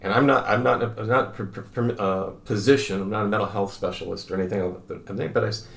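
An older man, a grandfather, telling stories in conversation, halting and repeating words, acting out the people in them. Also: on the low side, fairly even intonation, vocal fry, a bit bright, echoey room. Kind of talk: conversational storytelling.

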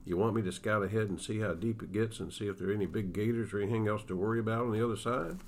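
A man reading aloud as an adult frontier cattleman scout, in a drawling, measured way. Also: lowish voice, fairly even intonation, close to an everyday voice. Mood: steady.

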